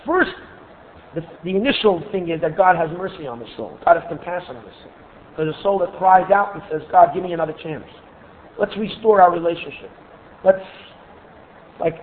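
Male religious teacher, storytelling lesson, halting delivery with repeated words, slightly high voice, lo-fi phone-like sound. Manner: halting, repeats words while searching for phrasing. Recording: tinny phone-like recording, faint hiss.

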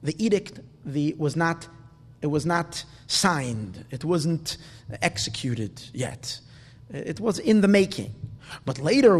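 A man teaching a Talmud lesson, halting and restarting often, asking rhetorical questions. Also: a little high, in a large hall. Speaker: Torah teacher.

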